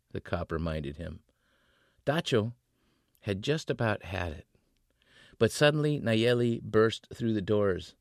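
A male author reading his novel aloud in an expressive way, voicing the characters. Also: deep voice, unhurried, gravelly, dry recording, clean studio sound.

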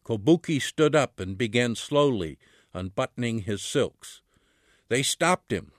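A man, the author, reading a chapter of his book aloud in a measured way, his voice dropping low on the dialogue tags. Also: animated, dry recording, clean studio sound.

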